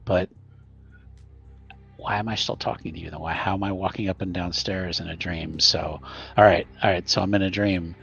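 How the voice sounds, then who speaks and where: A man's voice: low voice, steady tone, moderate pace, creaky, fairly bright tone, husky, full character voice. A man voicing an older relative woken by a strange phone call, suspicious and confused. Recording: muffled audio with faint music.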